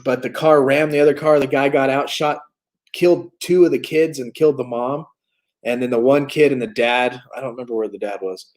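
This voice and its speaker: A man in his forties talks candidly on a recovery livestream, mixing hard stories with easy jokes. His voice sits at an ordinary middle pitch. The talk is casual and plain-spoken. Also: steady tone, brisk, a little mellow. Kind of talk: casual live chat.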